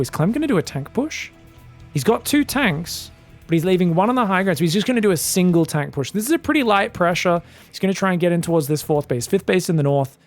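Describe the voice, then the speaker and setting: A man giving live commentary on a strategy game match, chatty and excitable, breaking into loud shouts at big plays. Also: a little high. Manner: chatty, addresses viewers directly. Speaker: esports caster.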